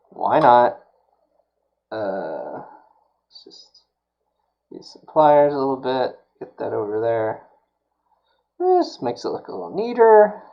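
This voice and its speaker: A man's voice: mid-range voice, huge pitch swings, slow pace, creaky, pauses often, dull audio. A man streaming while he builds a prop, talking casually and muttering to himself, with mild self-scolding as things go wrong.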